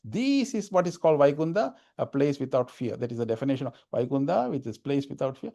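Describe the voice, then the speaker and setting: A man's voice: mid-range voice, very animated, fast talker, creaky, warm tone. A man giving an informal spiritual talk, repeating phrases for emphasis. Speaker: spiritual speaker.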